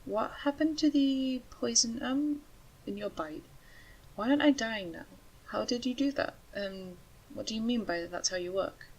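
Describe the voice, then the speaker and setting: A woman voicing a parched, bewildered stranded man with a croaking voice in a storybook reading, asking hesitant questions. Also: fairly high pitch, normal speed, lo-fi sound, pitched above the performer's own voice.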